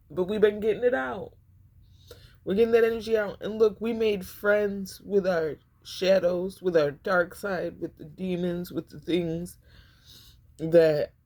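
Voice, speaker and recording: A woman's voice: lowish voice, a little mellow. Woman tarot reader, casual vlog delivery, repeats lines for emphasis. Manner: emphatic and repetitive, addressing viewers as y'all.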